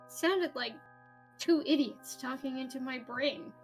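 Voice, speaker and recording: A woman reading aloud the lines of a shaken young man who is trying to stay calm, voicing him in earnest. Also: high-pitched, a little slow, creaky, soft background music. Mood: resolute. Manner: reads game text aloud, earnest and stunned.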